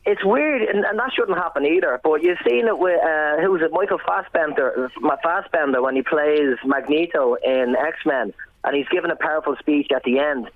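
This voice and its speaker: A man with a west Dublin accent speaking on a radio panel, blunt and animated, often breaking into laughter mid-rant. His voice sits a little higher than usual. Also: moderate pace, narrow, tinny audio. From Ireland. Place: radio studio.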